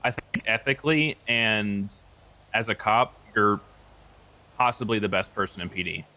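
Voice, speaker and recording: Blunt man in role-play as a cop, low-pitched with a bright, tense edge. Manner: blunt, talks in quick run-on sentences. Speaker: police officer in role-play. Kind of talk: in-character role-play chat.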